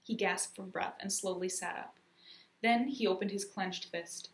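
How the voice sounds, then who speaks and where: Woman narrator, storybook reading, expressive and lively, mid-pitched, echoey room. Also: measured pace. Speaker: children's story reader.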